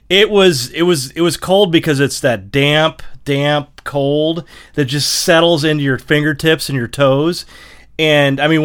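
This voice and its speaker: A man's voice: fairly high pitch, fairly bright tone. A man, co-hosting a casual sports podcast, rambling and restarting his sentences. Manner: rambling, repeats words, many restarts. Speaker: podcast co-host.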